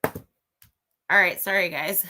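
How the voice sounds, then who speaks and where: A woman's voice: lowish voice, fairly even intonation, slow, pushed and bright, slight background noise. A woman hosting a livestream, giving a blunt, profane opinion rant straight to her viewers. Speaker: livestream host. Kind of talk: ranting live commentary.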